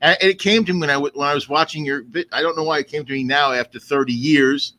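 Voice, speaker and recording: A man's voice: a little high, fairly even intonation, fast, background noise. A man co-hosting a casual podcast, enthusiastic and full of cheering agreement. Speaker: podcast co-host.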